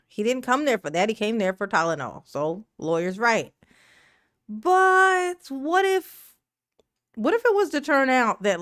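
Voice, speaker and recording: A woman's voice: high voice, no echo, studio quality. A woman hosting a casual live stream, reading viewer comments aloud, laughing often and talking in a slangy, emotional way. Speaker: livestream commentary host.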